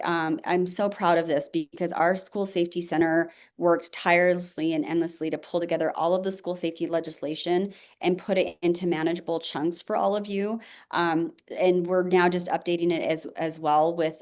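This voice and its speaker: A woman, a school safety director, briskly reporting to a board with many fillers. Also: fairly low pitch, a little mellow. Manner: rapid, auctioneer-like delivery with many fillers.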